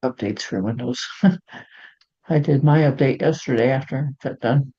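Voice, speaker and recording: A woman's voice: very deep voice, a little slow, warm tone, slightly rough. A woman on a crafting video call, chatting casually, teasing and laughing often. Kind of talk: casual chat. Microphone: computer microphone on a video call. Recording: dull lo-fi video call audio.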